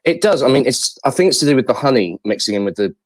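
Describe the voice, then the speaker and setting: A man's voice: mid-range voice, big pitch swings, fast, no room sound. A man, chatting casually on a podcast. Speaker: podcast guest. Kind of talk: casual chat.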